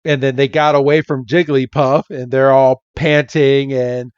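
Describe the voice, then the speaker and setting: A man's voice: medium pitch, little pitch movement, a little slow, clear, resonant tone, no room sound, dull audio. A man co-hosting a podcast, casually recapping a cartoon episode and acting out the characters' lines in goofy voices with frequent laughter. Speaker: podcast co-host.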